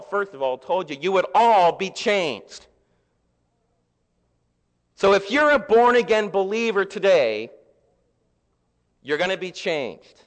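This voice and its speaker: 一位中年男牧师在讲道，嗓音偏高，语气像聊天，时而压低时而高亢，大教堂里有长长的回声。. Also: male voice, high voice. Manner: conversational, swings from hushed to loud. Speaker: pastor. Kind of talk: sermon. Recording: long echo of a large hall.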